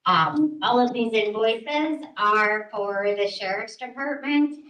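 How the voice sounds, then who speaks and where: A woman's voice: fairly high pitch, takes it slowly, fairly bright tone. A woman from a sheriff's department presenting a funding request at a council meeting, hesitant with many ums. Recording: echoey room, distant mic, faint noise.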